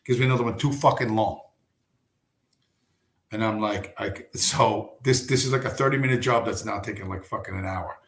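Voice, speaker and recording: Low-voiced man rambling in an echoey room. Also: normal speed. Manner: rambling, profane, storytelling. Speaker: livestream host. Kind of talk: casual livestream monologue. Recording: roomy echo.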